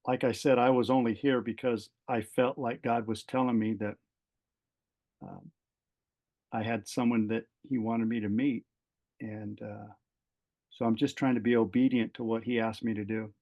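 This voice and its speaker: A man's voice: medium pitch, moderate pace, pauses often, lo-fi sound. A middle-aged man, a retired fire captain, telling a personal story as a podcast guest, acting out the dialogue with many fillers and restarts. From California. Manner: animated storyteller, voices quoted dialogue, frequent fillers and restarts.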